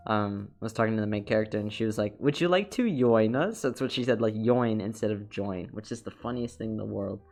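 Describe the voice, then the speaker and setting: A man's voice: lowish voice, a little mellow. A man chatting casually while he draws on a live stream, rambling and upbeat, full of fillers and restarts. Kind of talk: casual chat while drawing. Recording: faint music behind the voice.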